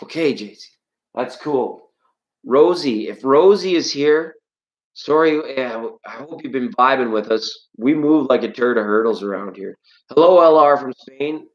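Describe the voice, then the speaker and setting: Live tarot host, loose and playful, jokes while greeting chat, voice leaps high when worked up. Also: lively intonation, measured pace, lo-fi sound. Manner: rambling, playful and jokey; greets and answers viewers from chat. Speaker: tarot reader hosting a live stream. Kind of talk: live-stream chat with viewers.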